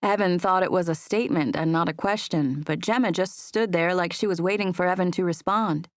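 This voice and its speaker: A woman reading an audiobook in a steady storytelling manner. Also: lowish voice, fairly quick, dry recording, clean studio sound. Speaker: audiobook narrator. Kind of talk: scripted narration.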